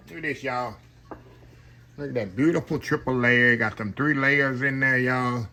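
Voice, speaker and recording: Speaking at a moderate pace in a mid-range voice, a Southern American man rambles casually through a home cooking vlog. He's chatty and folksy, calling out to his audience as "y'all" from his kitchen.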